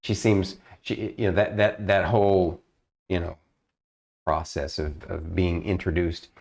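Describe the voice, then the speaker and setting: Lowish voiced guy running a d&d game, lots of uhs and restarts. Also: flat delivery, a little slow, vocal fry, a little mellow, slight background noise. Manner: hesitant, many fillers and restarts. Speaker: dungeon master. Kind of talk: narrating a tabletop game.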